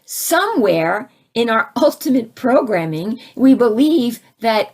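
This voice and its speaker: A woman giving a conversational spiritual talk, asking her listeners questions and turning animated as she acts out her own reactions. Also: slow, hardly any pauses, husky. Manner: animated, rising to high exclaims when acting out her own reactions; conversational, asks the audience questions. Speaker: spiritual teacher.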